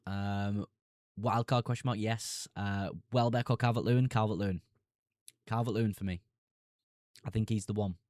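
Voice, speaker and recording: Male streamer with a Mackem accent, lowish register, dry close sound; casual, brisk Q&A delivery. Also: fairly even intonation, darkish tone, dry recording. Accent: Sunderland (Mackem). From Sunderland, North East England. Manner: casual, chummy, reads a question aloud then answers briskly. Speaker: fantasy football streamer host. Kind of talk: live stream Q&A, reading chat questions.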